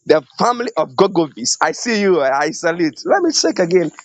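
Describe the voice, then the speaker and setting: Man, fairly high voice, greets viewers by name, laughs often, dry close sound. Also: big pitch swings, a little fast, dry recording. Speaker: show correspondent. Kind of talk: casual live online show. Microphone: phone on weak network.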